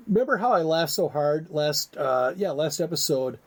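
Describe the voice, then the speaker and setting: A man's voice: fairly high pitch, animated, normal speed. A man co-hosting a comedy podcast, chatting casually with a joking, rambling, teasing manner. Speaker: podcast co-host.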